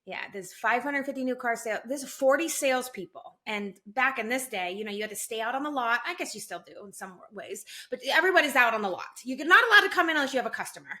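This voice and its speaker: Bright-voiced woman telling her story. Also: fairly high pitch, fast talker, few pauses. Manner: animated, acts out quotes in raised voice. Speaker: guest, sales training company president. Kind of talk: candid storytelling interview.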